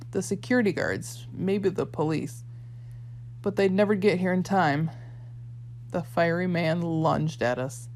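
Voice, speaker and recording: A woman narrating a novel aloud in a measured storytelling way. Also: on the low side, slight background noise. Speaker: audiobook reader. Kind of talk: scripted audiobook narration.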